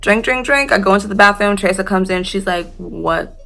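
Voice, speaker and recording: A woman's voice: mid-range voice, brisk, vocal fry, a bit bright, soft background music. A young American woman casually telling a storytime tale, chatty, laughing and swearing freely. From United States.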